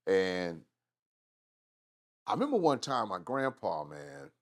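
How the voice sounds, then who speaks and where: A middle-aged man from Atlanta with a Southern accent, telling profane, animated stories as an interview guest. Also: low-pitched, takes it slowly. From Atlanta, Georgia. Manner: animated storyteller, profane, drawling asides. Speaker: guest rapper. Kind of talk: casual storytelling interview.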